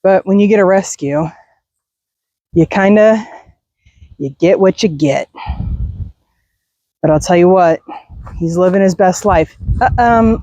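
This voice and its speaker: A woman's voice: lowish voice, a little slow, long pauses, dark tone, no echo. A middle-aged woman chatting casually while walking her dog outdoors at night, laughing and sighing often. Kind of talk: casual walk-and-talk chat.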